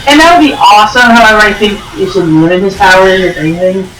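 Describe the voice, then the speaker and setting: A man giving chatty, excitable let's-play commentary over a video game, sometimes pleading and whiny. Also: high-pitched, quick pace, far from the mic, noisy background. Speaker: gaming YouTuber. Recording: echoey room with game music behind. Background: game music.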